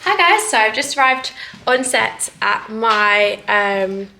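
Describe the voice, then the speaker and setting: A woman's voice: on the high side, expressive, slow pace, creaky, sharp tone, slight background noise. A young woman talking casually to her own camera indoors, open and chatty, with a lot of "like" fillers. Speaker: vlogger and interviewer. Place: indoors, in a flat used as a set. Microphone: handheld camera.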